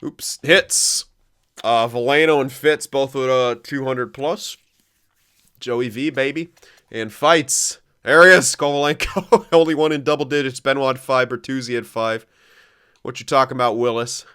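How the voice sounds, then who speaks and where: Young guy narrating his hockey franchise run, smooth clear voice, gets hyped and swears a lot. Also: medium pitch, a little slow. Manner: excitable, swears often, thinks aloud. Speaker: gaming commentator. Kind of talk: casual gameplay commentary.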